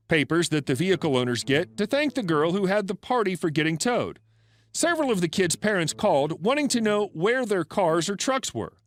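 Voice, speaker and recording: A man narrating a story in a dry, matter-of-fact scripted reading. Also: high voice.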